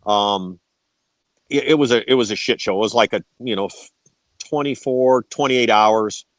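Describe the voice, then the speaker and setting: A man's voice: lowish voice, moderate pace, no echo. A man telling war stories as a podcast guest, swearing freely and tagging his sentences with "right?". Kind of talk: casual storytelling.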